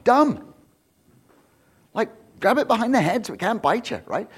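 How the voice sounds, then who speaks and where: A man preaching a sermon in a conversational, joking way, building to loud, repeated emphatic lines. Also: sits high, very animated, normal speed, breathy edge. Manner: jokey asides, laughs with congregation. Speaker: pastor.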